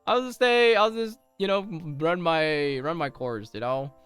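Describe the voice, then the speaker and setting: A man's voice: a little high, very animated, a little slow, fairly bright tone, clean tone, faint music behind. A man streaming from home, chatting casually with his viewers, rambling through stories with lots of laughter and restarts.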